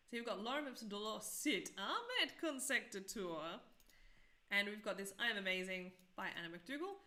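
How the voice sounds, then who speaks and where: A woman's voice: mid-range voice, bright, forceful tone. A woman in her thirties teaching a live-streamed coding tutorial, chatty and self-deprecating, often asking viewers questions.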